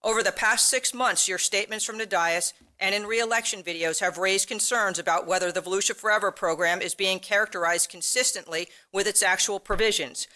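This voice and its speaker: A middle-aged public commenter reads out a pointed, critical statement with a formal delivery. The voice is bright and forceful at a mid pitch. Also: steady tone, brisk, few pauses. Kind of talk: read statement at a council meeting.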